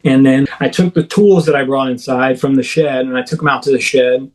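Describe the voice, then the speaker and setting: A man, a podcast guest, recounting his own experience in a rambling, filler-heavy way and acting out his own shouts as he retells it. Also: medium pitch, fairly even intonation, brisk, rough recording. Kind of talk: first-person storytelling in a podcast interview.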